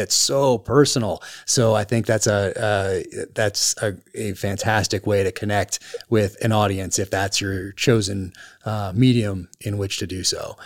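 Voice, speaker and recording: A man hosting a podcast interview, chatting casually and enthusiastically, with many restarts and fillers. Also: fairly low pitch. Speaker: podcast host, author.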